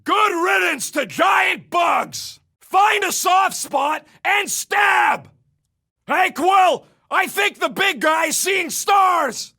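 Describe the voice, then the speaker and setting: An actor playing a gruff, wisecracking male raccoon gunner in a video game, yelling brash, sarcastic combat callouts. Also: extremely high pitch, very slow, exaggerated voice. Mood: cocky banter.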